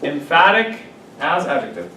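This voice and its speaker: Guy teaching english in a classroom, a bit high-ish voice, slow and patient, mic far off and echoey. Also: wildly swooping pitch, pushed and bright, a little hiss or hum. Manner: patient, drills example sentences, stresses words slowly.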